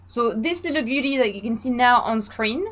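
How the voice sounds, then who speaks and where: Woman streaming a racing sim, fairly high voice, chatty, laughs a lot. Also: lively intonation, normal speed. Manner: chatty, laughs often, reads out chat. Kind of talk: casual live stream chat.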